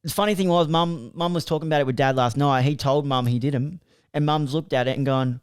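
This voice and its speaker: A man's voice: a little high, fast, hardly any pauses, smooth, dry recording, studio quality. A young Australian man co-hosting a podcast, cheeky and banterous, swearing freely in casual chat. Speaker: podcast co-host.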